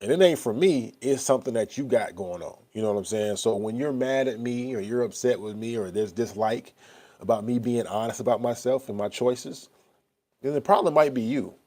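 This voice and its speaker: Blunt, rambling man, warm low voice. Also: brisk. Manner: rambling, candid, frequent "you know what I'm saying"; swearing, blunt. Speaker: vlogger. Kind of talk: casual talk to camera.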